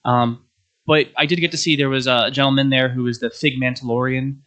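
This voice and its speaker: A young adult man in casual chat, rambling and halting, with many restarts as he recounts his day. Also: mid-range voice, steady tone, a bit bright. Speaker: podcast guest.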